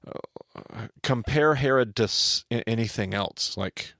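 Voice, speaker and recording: A man hosting a podcast, teaching on the Bible in an animated conversational way, often restarting and asking his co-host questions. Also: mid-range voice, takes it slowly, gravelly, no echo, studio quality.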